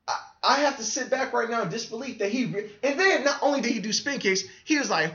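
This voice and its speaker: A man hosting a podcast, ranting casually about a film in an incredulous, animated way and swearing a lot. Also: sits high, normal speed, muffled recording. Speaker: podcast host reviewing a film. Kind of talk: casual rant.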